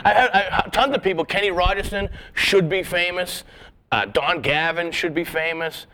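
A man's voice: high-pitched, moderate pace, pushed and bright. A man, a guest comedian, telling rambling, profane stories in a casual podcast chat, with many restarts.

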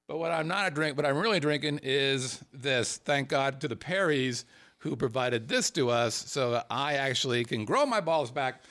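A man hosting a casual comedic podcast, joking with his co-host and laughing often. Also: normal speed. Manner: joking, laughs often, lively swings in pitch. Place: Las Vegas.

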